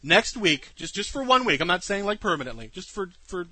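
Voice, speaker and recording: A man's voice: sits high, very animated, fairly quick, pushed and bright, slightly rough, no room sound. A man co-hosting a live show, teasing his partner and stammering through restarts. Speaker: podcast co-host. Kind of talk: casual live-show banter.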